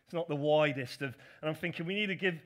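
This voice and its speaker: A man's voice: a little high, quick pace. A middle-aged man, a pastor, telling a personal story in a chatty, self-deprecating sermon with asides to his congregation.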